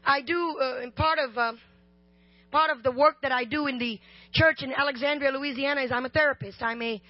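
A woman preaching a sermon, chatting and joking before rising into loud, slow shouted lines. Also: high-pitched, steady tone, no echo. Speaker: guest preacher. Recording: slightly dull, dry sound.

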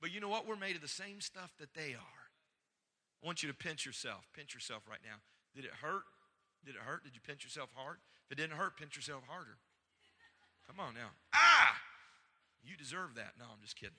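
Fervent high-voiced preacher in a reverberant hall. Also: male voice, expressive, brisk, a little hiss or hum. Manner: builds to loud fervent preaching, asks the congregation for amens. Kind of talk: sermon. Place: church sanctuary.

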